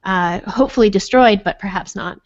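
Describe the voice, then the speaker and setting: A woman's voice: mid-range voice, brisk, highs cut off, natural voice. A woman voicing a composed older female professor who speaks formally.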